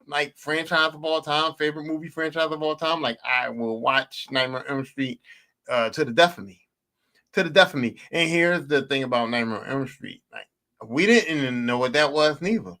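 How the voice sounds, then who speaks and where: Podcast host, animated profane storyteller, bright and higher-pitched. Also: male voice, moderate pace. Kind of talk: casual storytelling monologue.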